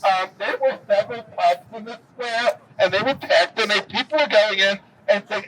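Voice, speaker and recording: High-voiced male tour guide outdoors. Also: moderate pace, hardly any pauses. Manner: lively storyteller with dry jokes. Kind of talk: storytelling historical tour talk. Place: outdoors in a city square. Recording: distant camera mic, faint street noise.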